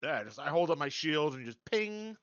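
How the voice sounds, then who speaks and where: A man playing a tabletop game, joking quickly in casual chat. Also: fairly high pitch, fairly bright tone, no room sound, dull audio. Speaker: player.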